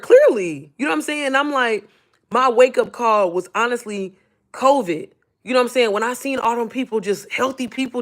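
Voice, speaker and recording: Animated, swearing motivational woman. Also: a little high. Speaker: online business coach. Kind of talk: casual livestream talk.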